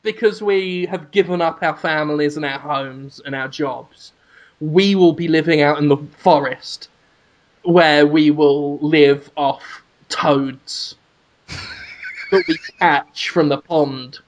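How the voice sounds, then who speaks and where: A man's voice: on the high side, slow. A man co-hosting a podcast, spinning absurd scenarios in playful, rambling, casual chat. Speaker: podcast co-host.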